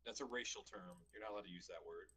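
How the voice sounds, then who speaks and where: A male friend bantering crudely during a game stream. He speaks at a middling pitch in a plain, casual way. Faint noise sits behind him. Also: fast talker, pushed and bright. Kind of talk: casual gaming chat.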